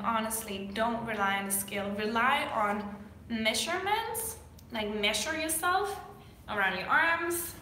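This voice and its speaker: A woman talking through casual fitness advice in a vlog, circling back to repeat her points between fillers. Her voice is bright and fairly high. The room rings with echo under a faint hiss. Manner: repetitive, filler-heavy emphatic advice. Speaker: fitness YouTuber.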